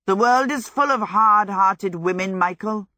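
A woman's voice: medium pitch, unhurried, pushed and bright, no room sound, studio quality, voice pushed up. A woman reading aloud, voicing a vain young male wizard who talks in a theatrical, irritable way.

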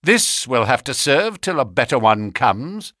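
A man reading an audiobook, voicing a firm, commanding male detective in a raised, louder voice. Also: mid-range voice, big pitch swings, dry recording, studio quality, exaggerated voice. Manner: brisk and firm.

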